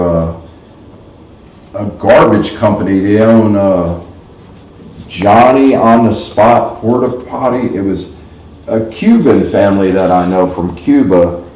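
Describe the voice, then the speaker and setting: A man's voice: fairly low pitch, darkish tone. A middle-aged man from the New York area, hosting a livestream and telling rambling stories in a casual, folksy way. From New York / New Jersey. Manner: chatty, folksy, laughs at his own stories. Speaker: livestream host. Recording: roomy echo.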